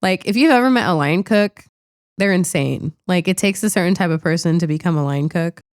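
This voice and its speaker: Chatty woman with a smooth, lowish voice. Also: a little fast, no room sound, studio quality. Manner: chatty, animated, peppered with "like" and swearing. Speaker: podcast co-host. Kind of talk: casual movie review chat.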